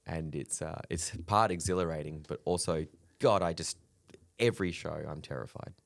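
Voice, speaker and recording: A man's voice: low voice, moderate pace, creaky, no room sound. A man, a comedian chatting candidly on a podcast, swearing freely and laughing between stories. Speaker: comedian guest. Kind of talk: casual podcast chat.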